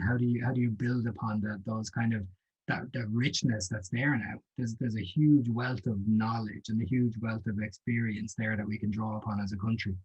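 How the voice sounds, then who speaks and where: A man moderating a conference panel, thoughtful and halting, on muffled call audio. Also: medium pitch, husky. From Ireland.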